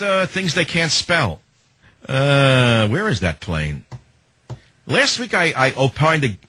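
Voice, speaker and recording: A man hosting a talk radio show, delivering a sarcastic, heated political monologue in a raspy voice. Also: medium pitch, sharp tone, no room sound.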